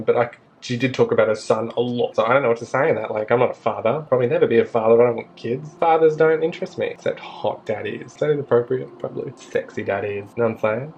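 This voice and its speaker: A man's voice: mid-range voice, gravelly, a little mellow. A man with an Australian accent tells a rambling, self-mocking storytime to his vlog camera in a casual chat. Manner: chatty, rambling and self-mocking, with frequent asides. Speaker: vlogger. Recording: slightly dull audio with faint background hiss.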